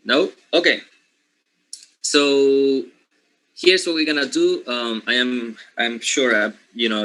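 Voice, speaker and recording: A young male teacher with a Latin American Spanish accent, a native Spanish speaker, lecturing his class live. His tone is bright and forward, and his middle-pitched voice works through ideas in loose restarts. He keeps checking in with "okay?" and "right?". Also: low-quality recording.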